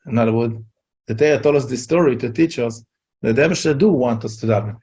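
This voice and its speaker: A man telling a Torah story in a casual talk, halting and repeating words. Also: medium pitch, a little mellow, slightly rough, dull audio. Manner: halting, repeats words, Yiddish-laced English. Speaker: rabbi giving a talk.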